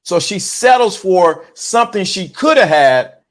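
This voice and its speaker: A man with a high-pitched voice talks straight to his channel viewers in a preachy, live commentary. He circles back on his words, stumbles and repeats phrases as he drives a point home, speaking into a phone. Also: expressive, measured pace, fairly bright tone. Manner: preachy, repetitive, restarts and stumbles often. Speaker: channel host. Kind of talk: livestream commentary.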